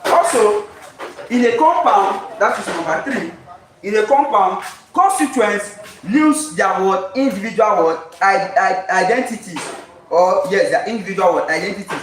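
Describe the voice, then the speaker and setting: Man, chemistry tutor, high voice, call-and-response drilling, recorded from far off, echoey classroom. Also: slight background noise. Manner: call-and-response teaching, constantly asks "what?" and answers himself; repeats key terms slowly for emphasis. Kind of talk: live-streamed exam lesson. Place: classroom with whiteboard.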